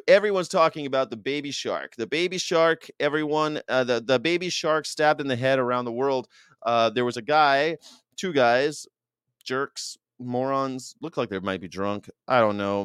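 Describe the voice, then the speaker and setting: A man hosting his own show, talking in a casual, animated and emphatic monologue full of restarts. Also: medium pitch, smooth, dry recording, clean studio sound. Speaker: show host.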